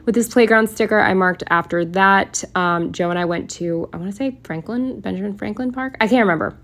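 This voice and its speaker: A woman's voice: medium pitch, fairly quick. A woman talking casually as she walks through her planner week, chatty and candid, wandering off on tangents and giving blunt opinions. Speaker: planner vlogger. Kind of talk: casual chat, voice-over while decorating a planner.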